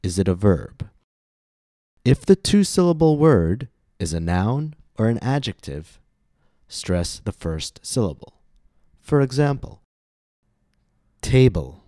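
A male pronunciation teacher with a deep, mellow voice talks slowly and deliberately. He leans hard on stressed syllables in his example words. The recording is dry and close. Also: big pitch swings, dry recording. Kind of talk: scripted pronunciation lesson.

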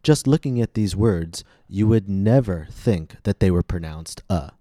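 Deep-voiced American man teaching pronunciation. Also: expressive, measured pace, mellow, no echo, studio quality. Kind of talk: scripted pronunciation lesson.

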